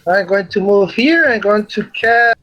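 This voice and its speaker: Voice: mid-range voice, measured pace, a bit bright. A player in a tabletop game, thinking aloud and hesitating over the moves. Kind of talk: casual tabletop play. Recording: dull, muffled sound.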